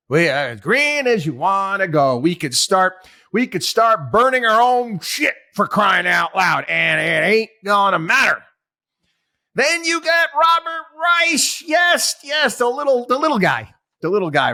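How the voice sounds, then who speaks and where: A man's voice: on the high side, pushed and bright, no echo, clean studio sound. A man hosting a talk show, giving sarcastic, exasperated commentary full of rhetorical questions. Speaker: host. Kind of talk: opinionated talk radio commentary.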